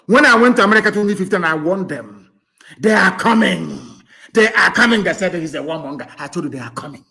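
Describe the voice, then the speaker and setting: Fiery Nigerian man, fairly high voice. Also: expressive, a little fast, creaky. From southeastern Nigeria. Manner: fiery and mocking, swinging from loud outbursts to low mutters. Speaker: political activist broadcaster. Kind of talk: live radio broadcast speech.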